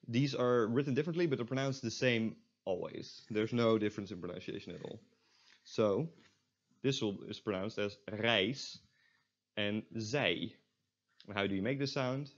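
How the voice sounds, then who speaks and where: Guy teaching beginners how to say vowels, lowish voice, kinda muffled lo-fi audio. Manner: explanatory, repeats sounds slowly for learners, self-deprecating asides. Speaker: language teacher. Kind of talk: recorded online language lesson.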